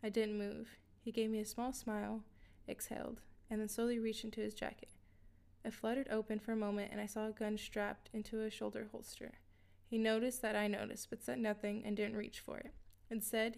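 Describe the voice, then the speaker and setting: Flat-voiced, gravelly woman narrating. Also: a little high, fairly quick. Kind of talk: scripted first-person story narration.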